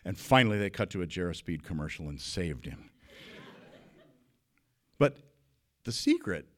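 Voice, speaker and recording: A man from Minnesota telling a comic story in a lively, animated way. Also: sits low, normal speed. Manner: lively, animated telling with big swings in loudness.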